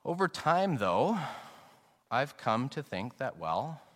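A middle-aged male pastor preaching an earnest, reflective sermon, slowing down to stress key phrases. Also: medium pitch, sing-song, a bit bright. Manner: earnest and reflective, anecdotal, slows down for emphasis. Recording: long reverb, sanctuary acoustics.

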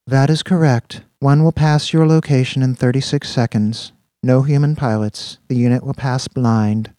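A precise, literal-minded computerized dolphin AI, as a man voices it, speaking in flat formal phrases. The voice sits mellow and dark. The recording is dry and close. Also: mid-range voice, normal speed, dry recording, natural voice.

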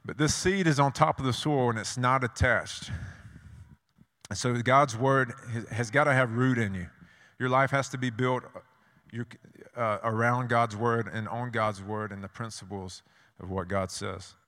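A male preacher delivering a sermon at a middle pitch, his voice trailing off into a long reverb that fills the church sanctuary. He tells stories, asks rhetorical questions and hammers ideas home through repetition. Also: steady tone, normal speed, fairly bright tone.

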